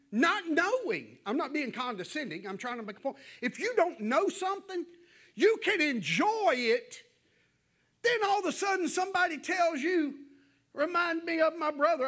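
A man preaching, with a voice that sits unusually high for a man. His delivery is folksy and conversational, and it rises into fervent, raised appeals to his church congregation. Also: a bit bright. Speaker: pastor. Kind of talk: evening sermon to a church congregation.

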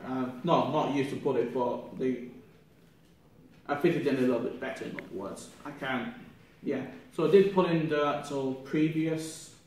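Young man reflecting, echoey and distant. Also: medium pitch. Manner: halting, rambling, many restarts. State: ill, coughing. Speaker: drama student. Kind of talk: spoken self-reflection. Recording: echoey room from far off, faint noise.

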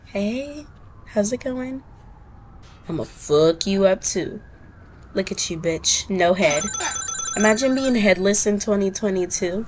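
A woman's voice: mid-range voice, animated, slow pace, long pauses, a little hiss or hum, rough recording. A woman giving gameplay commentary, trash-talking opponents in a brash, profane and dramatic way. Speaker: gaming video creator.

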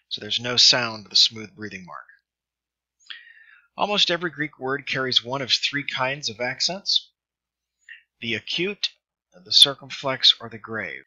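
Bright-voiced male teacher, lo-fi. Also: medium pitch, animated. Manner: slow, careful pronunciation drills. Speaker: Greek teacher. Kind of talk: recorded lesson voice-over. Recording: dull lo-fi screen recording.

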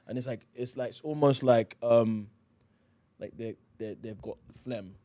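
A man's voice: mid-range voice, fairly even intonation, normal speed, dark tone. A man with a South London accent, a guest chatting casually in a radio interview and rambling with lots of "you know". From England. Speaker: actor guest.

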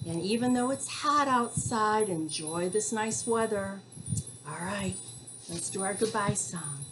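A woman hosting a program for young children, reading a picture book aloud in a sing-song, animated way and explaining words as she goes. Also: mid-range voice, a little slow, noisy background.

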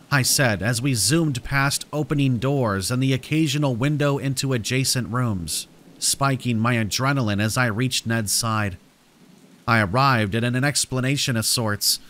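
A man reading a horror story aloud in a steady, measured narration meant for sleep. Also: medium pitch. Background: rain.

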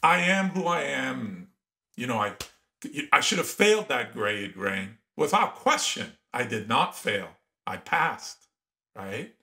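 A middle-aged man from Iran, a podcast guest telling stories from his life in an animated, emphatic way. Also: medium pitch, slow, vocal fry. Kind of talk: storytelling in an interview.

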